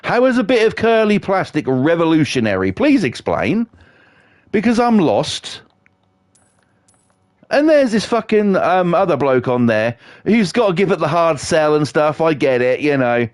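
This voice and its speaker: A man's voice: on the high side, big pitch swings, a little slow, no echo. Sweary British man ranting, dry close sound. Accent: British English. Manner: sweary, sarcastic storytelling. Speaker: livestreamer. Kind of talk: casual ranting chat.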